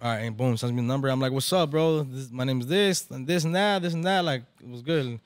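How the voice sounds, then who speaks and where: A man's voice: mid-range voice, fast, no room sound. A man, a barber event organizer, telling a story in casual, profane slang and slipping into Spanish now and then. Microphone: podcast microphone.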